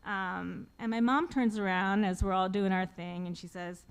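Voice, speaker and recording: A woman in her forties tells a personal story to a live audience in a wry, self-deprecating way. She laughs at her own punchlines. Her voice sits at an ordinary middle pitch for a woman. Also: steady tone, normal speed, clear, resonant tone. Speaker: author telling a personal story on stage.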